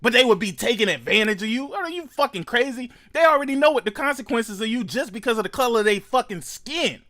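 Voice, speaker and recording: A man hosting a reaction commentary show, ranting loudly and mockingly with heavy profanity. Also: extremely high pitch, expressive, quick pace. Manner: loud, profane, mocking rants. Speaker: commentary host.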